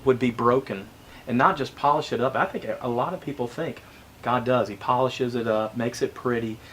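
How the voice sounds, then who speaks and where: A man hosting a casual interview, reflective and halting, often repeating words as he gathers his thoughts. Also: mid-range voice, fairly even intonation, a bit bright, a little hiss or hum. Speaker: interview host.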